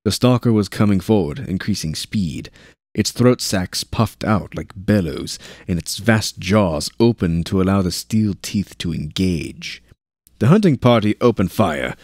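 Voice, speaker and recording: A man reading a war novel aloud as narrator, with steady narration and shouted dialogue lines. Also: low voice, a little slow, dry recording, clean studio sound. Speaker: audiobook narrator.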